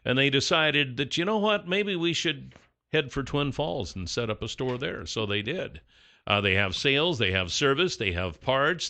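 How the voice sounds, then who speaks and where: A man's voice: mid-range voice, sharp tone. A middle-aged man co-hosting a local radio show, chatting casually and reading a sponsor spot with easy "uh" fillers. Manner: easygoing, chatty, with frequent "uh" fillers. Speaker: radio co-host.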